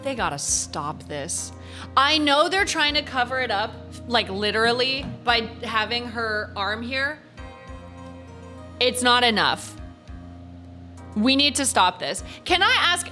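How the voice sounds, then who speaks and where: Give me a bright, animated young woman streaming a game, giggly and a bit sweary. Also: a little high, measured pace, soft background music. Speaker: gaming streamer. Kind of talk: casual let's-play commentary.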